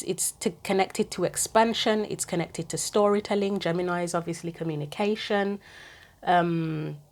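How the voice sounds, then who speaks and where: A woman giving a casual tarot reading, thinking aloud in chatty asides and reading card guidance from a book. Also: on the low side. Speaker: tarot reader.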